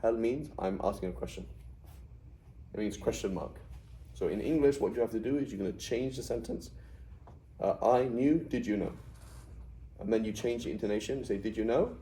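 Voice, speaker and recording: A middle-aged man teaches Arabic grammar to a small class, his voice very mellow and dark and a little low. He keeps checking in with his students as he explains. A faint hiss sits under the recording. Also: a little fast, long pauses, poor audio. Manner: explains with frequent "right?" checks.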